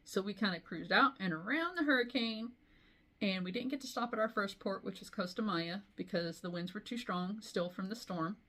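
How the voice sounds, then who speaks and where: A woman's voice: medium pitch, moderate pace, bright, forceful tone. A middle-aged woman chatting casually to camera as a cross-stitch vlogger, rambling with frequent asides. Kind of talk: casual chat.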